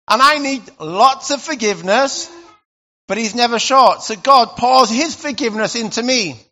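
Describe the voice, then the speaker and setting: Guy preaching, high bright voice, chatty then suddenly loud, kinda dull lo-fi sound. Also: unhurried. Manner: animated, conversational preaching with sudden loud bursts. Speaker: pastor. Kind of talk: sermon.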